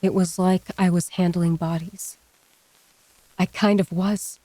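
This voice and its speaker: A woman narrating a first-person horror story in a steady, even reading. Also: on the low side, measured pace, dry recording, poor audio.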